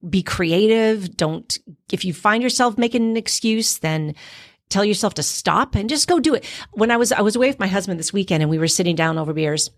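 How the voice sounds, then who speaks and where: On a casual podcast, a middle-aged Canadian actor tells a story in a fairly quick, mid-range voice. She's lively in the telling, voicing aloud what she said to herself.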